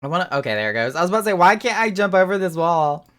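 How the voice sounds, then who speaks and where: A woman's voice: fairly low pitch, big pitch swings, very fast, fairly bright tone. A woman streamer chatting casually and joking offhandedly while she plays a game. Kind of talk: casual gameplay chat.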